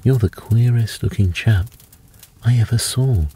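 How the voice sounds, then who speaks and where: A man's voice: medium pitch, unhurried, mellow, slightly rough. A man voicing a small, friendly male lantern spirit who talks in a chatty, kindly way. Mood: surprised.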